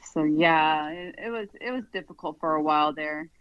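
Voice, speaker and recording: A woman guest on a podcast, talking in a relaxed, rambling way with lots of fillers. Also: low-pitched, moderate pace, dry recording, muffled recording. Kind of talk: casual conversation.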